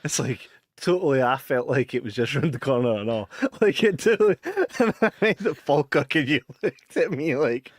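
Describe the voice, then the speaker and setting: A man's voice: medium pitch, animated, moderate pace, hardly any pauses, no room sound. Scottish male podcast co-host, sweary laughing storyteller, dry close sound. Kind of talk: casual chat.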